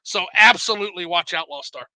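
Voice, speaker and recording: Guy hosting a live stream, high bright voice, dry close mic, lots of swearing and laughing. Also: fairly quick, no echo, rough recording. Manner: animated, swears freely, laughs often. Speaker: livestream host reading chat. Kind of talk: casual livestream chat.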